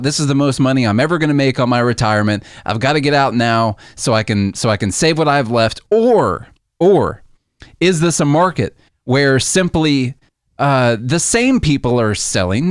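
A man's voice: mid-range voice, expressive, normal speed, no echo. Man, podcast co-host, patient explainer, everyday comparisons, dry close sound. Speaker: co-host explaining the stock market. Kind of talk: casual podcast chat.

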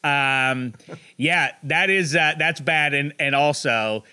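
A man's voice: fairly high pitch, slow pace, sharp tone, smooth. A man co-hosting a sports talk show, teasing the others with dry sarcasm during casual banter.

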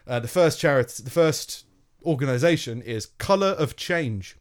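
A man's voice: medium pitch, animated, moderate pace. A man co-hosting a podcast in casual chat, sarcastic and swearing, often laughing while mocking what he reads out. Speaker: podcast co-host.

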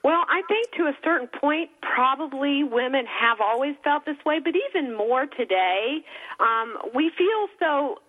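A woman's voice: sits high, lively intonation, unhurried. Woman author on a tinny phone line. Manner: earnest, emotional storytelling with faith references. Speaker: author guest. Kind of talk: radio interview on a phone line.

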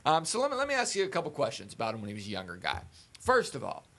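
A man's voice: medium pitch, wildly swooping pitch, very fast, fairly bright tone. A man in playful comic banter who asks goofy questions. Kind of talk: casual comedic banter.

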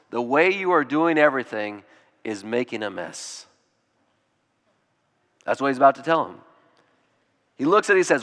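A man's voice: a little high, a bit bright, big-room sound. A male pastor giving a sermon, conversational, acting out short quotes, with children of his own. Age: adult with children. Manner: conversational preaching with acted-out quotes.

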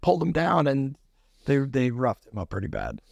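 A man telling a long story in casual chat, animated and laughing, often restarting his sentences. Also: mid-range voice, moderate pace, gravelly. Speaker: podcast guest, restaurant owner. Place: studio.

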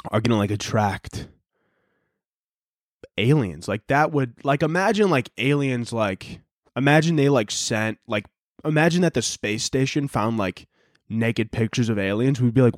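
In a clean studio recording with no echo, a young male podcast host with a mid-range voice rambles through a comedy show. He uses lots of filler words and performs small bits in character voices.

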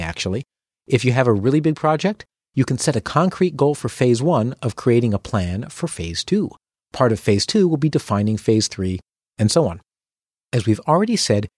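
A man's voice: medium pitch, a little mellow, dry recording, clean studio sound. A man hosting a tips podcast, reading a script with playful, dramatic asides. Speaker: podcast host.

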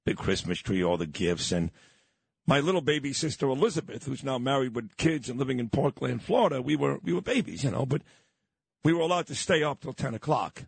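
A man's voice: mid-range voice, expressive, brisk, creaky, slightly rough, dry recording. A middle-aged man from Brooklyn, hosting a morning radio show and telling stories in a nostalgic way. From Brooklyn, New York. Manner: nostalgic, storytelling. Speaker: radio host. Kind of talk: casual radio chat.

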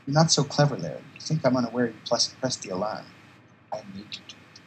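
Cold, eerie male energy being, low and hushed, as a podcaster puts him on. Menacing calm. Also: fast, slight background noise, lightly acted, poor audio.

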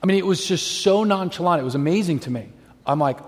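Guy preaching a sermon, pretty high voice, lively storytelling, long hall echo. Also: brisk. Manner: animated storytelling, acts out quoted voices. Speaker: pastor.

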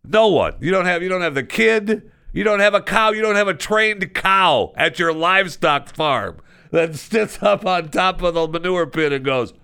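A man hosting a radio show, chatting casually and telling a story with lively jokes from a studio. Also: high voice, moderate pace, clear, resonant tone, no echo. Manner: animated storytelling, joking. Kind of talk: casual chat.

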